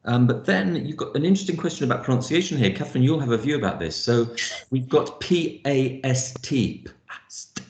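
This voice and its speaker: A man teaching trainee teachers in an online lecture, thoughtful, sounding out words slowly. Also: mid-range voice, expressive, darkish tone, reverberant.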